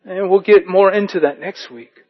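A man preaching a sermon as pastor, reading scripture and telling animated stories. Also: high voice, moderate pace, breathy edge, muffled recording.

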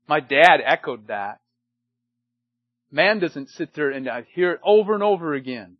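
Older male pastor, emphatic sermon delivery, high and dry, loud then hushed. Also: lively intonation, fairly quick, no room sound, dull audio. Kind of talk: sermon to men.

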